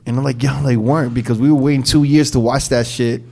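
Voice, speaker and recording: A man's voice: medium pitch, fast talker, gravelly. A man in casual group banter, swearing freely and ranting with exasperation while telling stories. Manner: exasperated, profane, animated storytelling.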